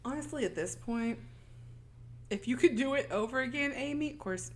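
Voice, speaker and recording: A woman recaps a film in a casual podcast chat. Her voice sits on the higher side, and she is animated and sarcastic, jumping into the characters' lines as she goes. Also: normal speed. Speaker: podcast co-host.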